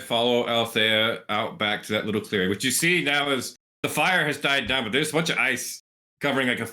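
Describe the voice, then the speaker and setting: A man narrating scenes as the game master of a tabletop role-playing game. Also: mid-range voice. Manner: descriptive, relaxed narration.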